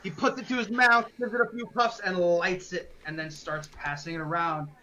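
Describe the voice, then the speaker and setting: A dungeon master narrating a tabletop game quickly, with relaxed fillers. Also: mid-range voice, highs cut off.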